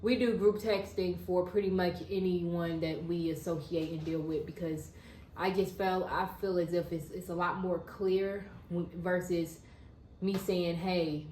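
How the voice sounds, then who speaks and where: A woman's voice: lowish voice, fairly even intonation, measured pace, darkish tone, reverberant, a little hiss or hum, low-quality recording. A woman co-hosting a casual chat, talking in a chatty way and laughing often. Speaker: co-host.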